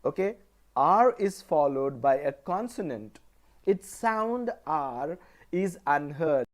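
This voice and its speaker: Working through a pronunciation lesson, an Indian male college lecturer says each example word deliberately, one by one. He speaks at a fairly high pitch.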